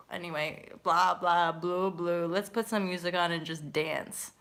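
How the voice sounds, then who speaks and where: A woman's voice: on the low side, fairly even intonation, moderate pace, few pauses, fairly bright tone. A woman hosting a casual livestream, chatting in a bubbly way, laughing often and swearing freely. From Canada. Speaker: livestream host.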